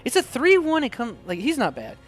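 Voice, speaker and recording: A man hosting a casual card-opening video, chatting excitably and reading card text aloud. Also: very high voice, brisk, faint music behind. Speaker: card-opening channel host. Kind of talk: casual unboxing chat.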